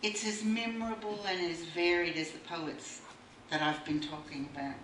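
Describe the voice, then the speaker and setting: A woman's voice: fairly low pitch, steady tone, moderate pace, fairly bright tone, distant mic. A woman giving a wry speech at a book launch and reading a poem aloud. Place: bookshop room. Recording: echoey room recorded from afar, faint noise.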